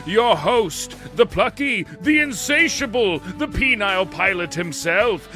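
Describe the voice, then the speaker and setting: A man's voice: high-pitched, animated, measured pace, pushed and bright, faint music behind, pitched above the performer's own voice, heavily acted. A man voicing a theatrical, mocking male game show announcer in a grandiose showman delivery, stretching his words. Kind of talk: mock game show introduction.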